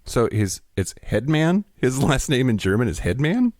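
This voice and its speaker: A man's voice: mid-range voice, very animated, moderate pace, darkish tone, no room sound, studio quality. A man co-hosting a podcast, teasing his co-host with wry jokes in casual banter.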